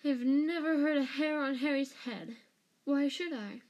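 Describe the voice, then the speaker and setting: A woman voicing a cowardly middle-aged male traitor wizard, shrill, panicky and stammering. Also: measured pace, a little mellow, dull audio.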